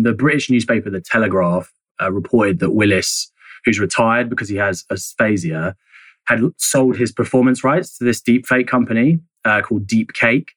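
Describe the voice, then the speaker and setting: A man with a lowish, slightly bright voice answers as a journalist guest in an interview, explaining at length in a conversational way, hedging often, with many fillers and restarts. The audio is poor, with no room sound.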